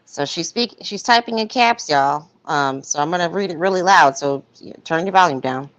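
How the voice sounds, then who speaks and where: Woman streamer, sarcastic parody reader, bright and blunt. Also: sits low, expressive, normal speed. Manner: sarcastic, blunt, mocking asides. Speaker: live stream host. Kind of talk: comedic parody reading with commentary.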